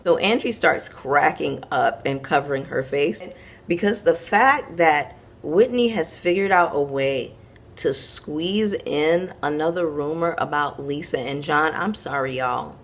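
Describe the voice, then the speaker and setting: A woman with a low voice recapping reality TV for her viewers. She talks frankly and with sass, tossing in slangy asides as she goes. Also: a little slow. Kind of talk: casual commentary recap.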